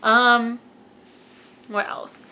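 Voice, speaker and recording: A woman's voice: on the high side, flat delivery, very slow, pushed and bright. A woman giving a casual, gushing fan review of a film and acting out lines from it. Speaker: movie reviewer.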